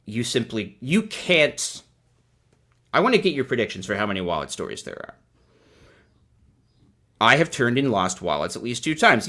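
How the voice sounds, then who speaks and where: A man's voice: lowish voice, pushed and bright. A man hosting a livestream, giving sarcastic, rambling commentary in a casual chat. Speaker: host.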